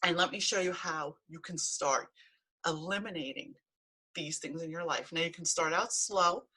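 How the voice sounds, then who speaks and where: A woman's voice: on the low side, moderate pace, pushed and bright, breathy edge. A middle-aged woman, a healing practitioner and coach, giving a blunt, emphatic motivational talk to camera and swearing freely.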